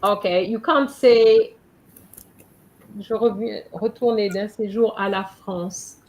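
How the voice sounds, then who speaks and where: A woman's voice: mid-range voice, takes it slowly, a little mellow, low-quality recording. A woman teaching French in a live online class, patiently going through her students' letters and correcting them one by one over a video call.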